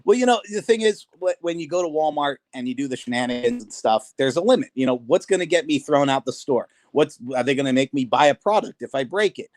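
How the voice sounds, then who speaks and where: A man telling animated stories in a casual podcast conversation. He laughs often and acts out the voices of the people he quotes. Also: on the high side, quick pace, hardly any pauses, dry recording. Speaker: guest, prank video maker and wrestling promoter.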